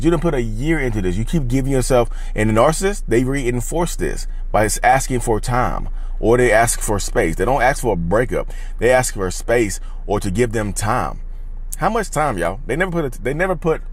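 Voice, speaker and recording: A man's voice: mid-range voice, animated, a little fast. A man, talking casually and emphatically to viewers from his car, repeating his points. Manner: emphatic, repetitive, talks straight to viewers. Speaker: channel host. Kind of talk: casual vlog talk. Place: inside a parked car. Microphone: phone camera.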